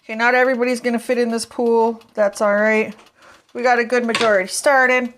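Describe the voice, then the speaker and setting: Woman cooking vlogger, higher voice, chatty and folksy, home kitchen, phone camera, faint noise behind. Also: level tone, a little fast, a bit bright. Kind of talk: casual kitchen chat to camera.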